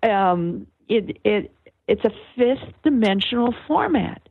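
An older woman, a guest author on an interview, explaining things in a slow, searching way with many fillers and restarts over a phone line. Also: mid-range voice, expressive, gravelly, husky. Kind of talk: reflective conversational explanation. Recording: tinny phone-line sound.

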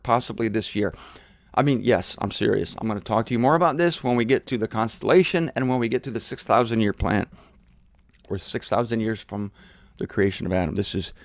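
A man delivering a solo Bible teaching with punchy emphasis and blunt, irreverent asides. His voice sits at an ordinary middle pitch and is recorded dry and close, with no room sound. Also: dry recording. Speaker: Bible teacher hosting a show.

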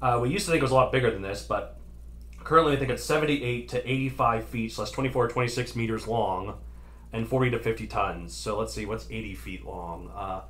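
A man's voice: medium pitch, a little fast, fairly bright tone. A young American man hosting a casual podcast, rambling and hedging with frequent self-corrections. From United States. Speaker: podcast host.

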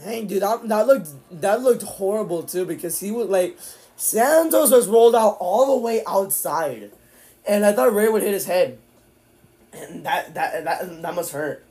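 Guy streaming live, high voice, chill play-by-play that jumps to excited yells. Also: measured pace. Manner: casual play-by-play, jumping to excited outbursts. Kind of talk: live watch-along commentary.

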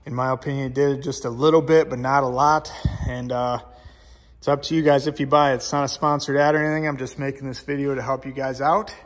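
A man casually talking through a car part install, excitable and blunt. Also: mid-range voice, quick pace, in a large hall. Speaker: car vlogger. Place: garage.

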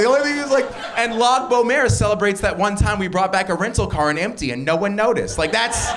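A high-pitched man speaks briskly in a stand-up set on a club stage. He's wry and animated, his voice jumping up for the punchlines.

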